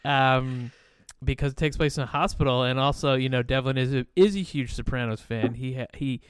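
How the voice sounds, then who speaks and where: A man's voice: medium pitch, brisk, clear, resonant tone, dry recording, clean studio sound. A man hosting a podcast over a video call, rambling with many fillers and frequent swearing. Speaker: podcast host.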